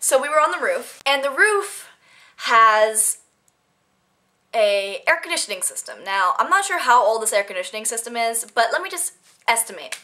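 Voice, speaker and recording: Talking unscripted to her camera, a teenage vlogger tells one story after another in casual, chatty fashion. Her slightly high voice is bright, forward and very animated at a moderate pace. She rambles and laughs easily, giggling through her storytelling.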